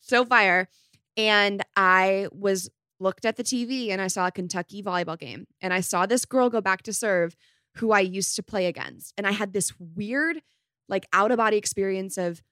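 A young woman in her twenties hosts a casual podcast, talking in a chatty, upbeat way with a light valley-girl lilt. Her voice sits at an ordinary pitch for a woman. It is recorded close and dry, with no room sound. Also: normal speed, sharp tone, clean tone, no room sound. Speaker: podcast host.

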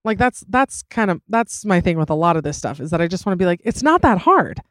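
A woman hosts a podcast, chatting casually and offering advice while rambling through lots of fillers, restarts, self-corrections and giggly asides. Her voice is on the low side, animated and quick, captured with studio quality and no room sound.

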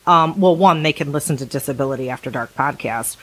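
A woman's voice: low-pitched, brisk, a bit bright, low-quality recording. Curious woman hosting a podcast. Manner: curious, prompting questions. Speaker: podcast host. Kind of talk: casual podcast chat.

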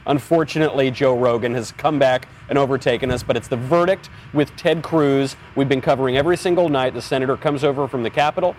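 A man's voice: medium pitch, quick pace, hardly any pauses, darkish tone, a little hiss or hum. A man joining a podcast from a distance, speaking with mock-grandiose, dry humor. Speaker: podcast co-host joining remotely. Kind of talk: casual podcast banter.

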